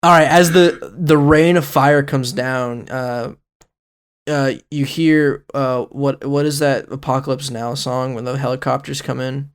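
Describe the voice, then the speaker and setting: A man's voice: mid-range voice, fairly even intonation, measured pace, clear, resonant tone. A young man narrating as game master, rambling and giggly with many fillers.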